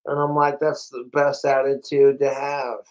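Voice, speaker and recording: A man's voice: mid-range voice, flat delivery, measured pace, a little mellow, poor audio. A man livestreaming, rambling profanely and animatedly straight to his viewers in casual chat. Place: home, overnight livestream.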